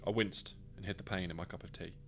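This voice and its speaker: A man with a low voice reads his own story aloud in the first person. His delivery is dry and wry, in steady scripted narration. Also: fast talker, creaky.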